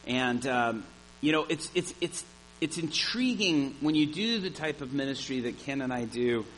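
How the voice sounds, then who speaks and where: Animated storytelling male preacher. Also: medium pitch, moderate pace, a little hiss or hum, low-quality recording. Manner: animated storyteller, shouts at the climax. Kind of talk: sermon with storytelling.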